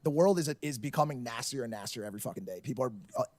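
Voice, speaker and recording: Man, podcast guest, earnest, fast-paced, stumbles over openings, dry sound. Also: medium pitch, lively intonation, darkish tone, dry recording. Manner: earnest, repeats words when starting sentences. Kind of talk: casual podcast chat.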